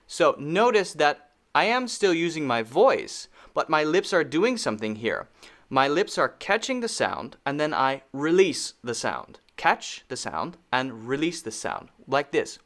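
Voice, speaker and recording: A man with a fairly high, bright voice speaks in a very animated way at a measured pace. He is giving a pronunciation lesson, patiently repeating sounds again and again to show how they're made.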